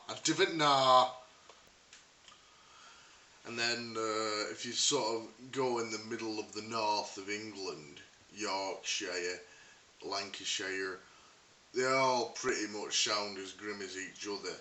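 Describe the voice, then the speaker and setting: A man's voice: on the low side, sharp tone. A Scottish man in a casual comedic monologue, wry and mocking, rambling with fillers. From Scotland. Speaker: vlogger. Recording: roomy, distant mic with hiss.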